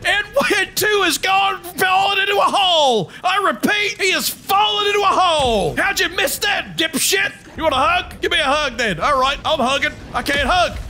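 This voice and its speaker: Brief: man voicing a foul-mouthed drill sergeant, yelling with a sharp, bright tone. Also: very high voice, animated, normal speed, hardly any pauses, slight background noise, full character voice. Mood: angry barking. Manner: barking insults, military radio talk. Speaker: drill sergeant character in online game voice chat. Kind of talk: comedic gaming role-play.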